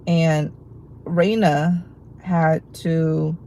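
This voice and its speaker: Female livestream host, low gravelly voice, loose rambling delivery. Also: level tone, extremely slow, warm tone, a little hiss or hum, low-quality recording. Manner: rambling, filler-heavy talk with many restarts. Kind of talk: casual livestream chat to viewers.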